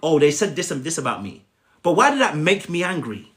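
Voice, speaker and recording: On a phone live stream, a male life coach speaks briskly in a voice on the high side with big pitch swings. He coaches viewers emphatically, addressing them by name and frequently asking "okay?"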